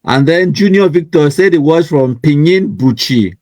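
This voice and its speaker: A man's voice: on the high side, animated, moderate pace, few pauses, darkish tone, dry recording. Chatty Cameroonian man reading viewer comments. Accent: Cameroonian English with Pidgin. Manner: chatty and teasing, laughs often, reads viewer comments aloud. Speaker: online news show host. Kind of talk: casual live-stream comment reading.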